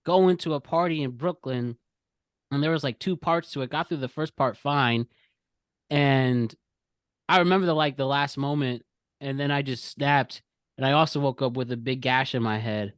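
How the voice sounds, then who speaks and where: A man's voice: mid-range voice, normal speed, smooth, no echo. A young man hosting a podcast quiz in an easygoing, chatty way. He rambles through his stories, stopping to restart and correct himself. His voice sounds close and dry. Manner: rambling, self-correcting storyteller who laughs often. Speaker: podcast host running a quiz game. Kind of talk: casual podcast chat.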